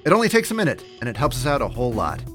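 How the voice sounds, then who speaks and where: A man's voice: medium pitch, wildly swooping pitch, rapid-fire, fairly bright tone, faint music behind. A man hosting a comedy podcast, reading a wry, mock-solemn outro. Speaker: podcast host.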